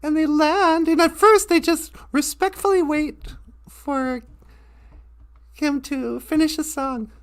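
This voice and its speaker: A woman's voice: high voice, steady tone, slow pace. Woman telling a kids story, casual, laughs a lot, says uh a bunch. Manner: loose, chuckling, with frequent fillers.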